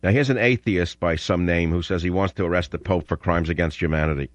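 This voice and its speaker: A man's voice: low voice, fast, no echo. An older man hosting a radio talk show, rambling and combative as he rants between clips. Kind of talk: opinionated radio monologue.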